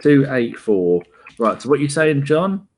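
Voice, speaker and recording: Banter-prone podcast co-host, animated pitch, laughs a lot. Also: male voice, measured pace, a little hiss or hum. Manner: jokey, laughs often, banters. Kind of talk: casual chat.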